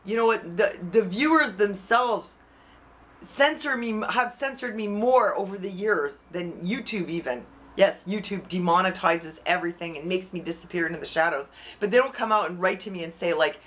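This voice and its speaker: Swearing freely, a frustrated YouTuber unloads in a heated, emotional vlog rant, outspoken throughout. She talks at normal speed in a medium-pitched, slightly bright voice with lively intonation, picked up by a camera mic.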